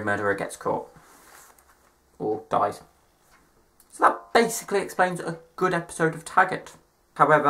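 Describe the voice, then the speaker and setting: A young man talks casually to camera, rambling through his topic and tossing in self-mocking asides. His voice is bright and forward, sitting at an ordinary middle pitch for a man. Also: vocal fry. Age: young adult. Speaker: vlogger.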